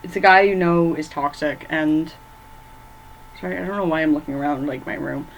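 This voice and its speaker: A woman's voice: low voice, moderate pace, a little hiss or hum, poor audio. A woman ranking horror movies in a rambling, casual chat from her bedroom, full of fillers and stumbling over names. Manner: rambling, filler-heavy, loses track of names. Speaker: movie vlogger.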